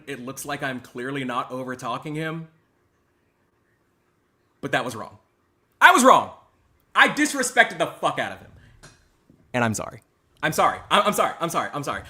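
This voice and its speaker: Male reaction host, sharp bright voice, ironic over-the-top apologies, stammers and jumps between shouting and mumbling. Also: a little high. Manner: mock-apologetic, stammering, swings between loud and hushed. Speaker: channel host reacting to clips. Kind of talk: sarcastic reaction commentary.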